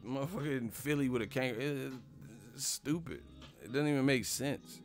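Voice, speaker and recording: A man's voice: mid-range voice, fairly quick, faint music behind. A man hosting a casual live stream about boxing, ranting in a rambling, profane way and laughing at his own jokes. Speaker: boxing commentary host.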